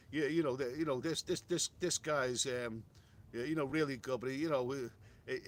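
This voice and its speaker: A middle-aged man chats loosely on a live stream from a hotel room. His voice sits a little high, and he repeats himself and restarts his sentences as he answers viewers. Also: a bit bright. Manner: chatty, rambling, repeats words and restarts, says mate. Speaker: travel livestream host reading viewer chat. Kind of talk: casual live-stream chat.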